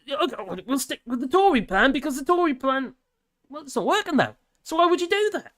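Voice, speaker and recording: A man's voice: very high-pitched, big pitch swings, a little fast, a bit bright. A man hosting a live stream in casual chat, rambling, laughing often and trailing off mid-sentence.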